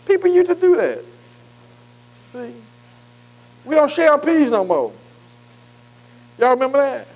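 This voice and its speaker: A man's voice: very high-pitched, low-quality recording. An older man preaching a folksy sermon, often checking in with his congregation. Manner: folksy, calls for congregation response.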